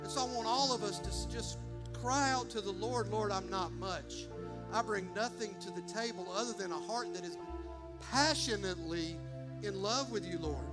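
High-voiced pastor preaching fervently. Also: male voice. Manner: fervent preaching, addresses congregation as y'all. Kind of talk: sermon. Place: church sanctuary.

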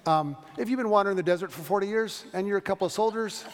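A man teaching a Bible study in a large hall, speaking quickly and eagerly with many restarts. His voice sits a little high and rings with a long room reverb. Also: noisy background. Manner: fast-talking, animated, stumbles and restarts. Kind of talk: Bible study lecture with questions.

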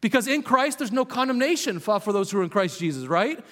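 A man preaching a sermon as a pastor, earnest, sometimes dropping to a hushed voice for emphasis. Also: high voice, very animated, quick pace, hardly any pauses. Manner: earnest, drops to a hushed voice on key points. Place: church hall with long reverb. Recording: reverberant church hall.

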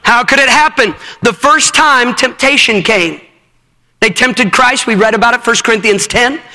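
High, bright-voiced fervent male preacher. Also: moderate pace. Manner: fervent, directs helpers on stage. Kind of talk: sermon with a live demonstration. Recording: long hall reverb.

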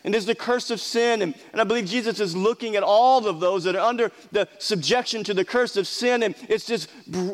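A man preaching a sermon as pastor, earnest, often restarting and repeating words, sometimes dropping low and quiet. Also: in a large hall.

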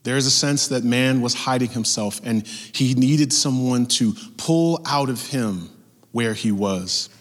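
A man's voice: medium pitch, unhurried. A man preaching a sermon as pastor, emphatic and building with repeated phrases. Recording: long reverb from a large hall.

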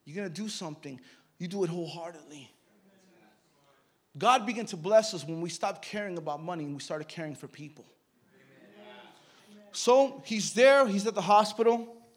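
High-voiced man preaching with dramatic swings. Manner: storytelling, swings from hushed to loud and emphatic. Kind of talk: sermon.

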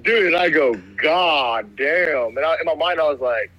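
A man's voice: fairly high pitch, fast, muffled recording, over loud music. A young man telling a rambling story in casual chat, laid-back, calling everyone "dude". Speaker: guest telling stories.

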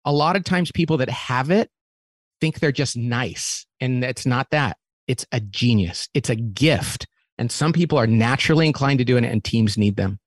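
A man who runs a company, talking as an interview guest and lively acting out quoted remarks as he explains a model. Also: medium pitch, moderate pace, no room sound. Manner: animated, acts out quotes in different voices; repeats words when restarting.

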